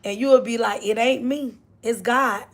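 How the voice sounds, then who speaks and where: A woman's voice: fairly high pitch, steady tone, moderate pace. An older woman speaking gives an inspirational faith talk to her livestream viewers, repeating her phrases and greeting them by name. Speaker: livestream host.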